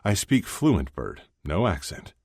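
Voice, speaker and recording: A cheerful, teasing young hockey player, as a man reads him out in a storybook reading. The voice is extremely deep and low, recorded close and dry. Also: sing-song, measured pace, darkish tone, dry recording, full character voice. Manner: teasing, laughing easily.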